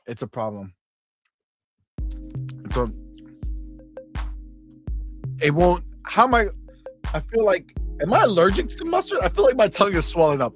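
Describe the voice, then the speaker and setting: A male livestream host on a podcast, ranting in a profane, exasperated way. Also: a little high. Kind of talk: livestream chat.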